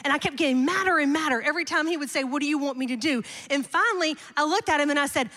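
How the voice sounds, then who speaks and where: A middle-aged woman pastor preaching a sermon, telling a personal story in an animated, emphatic way with repeated refrains. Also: sits high, rapid-fire. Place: large church auditorium. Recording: long hall reverb.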